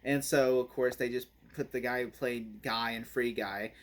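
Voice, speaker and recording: A man's voice: mid-range voice, steady tone, normal speed. A man giving a casual spoken movie review, rambling and laughing often.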